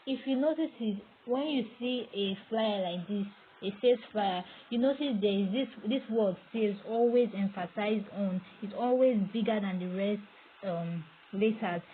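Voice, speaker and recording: A woman's voice: mid-range voice, moderate pace. A woman teaching graphic design, explaining step by step as she works on screen. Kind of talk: screen-recorded tutorial. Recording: tinny, phone-like audio with faint noise.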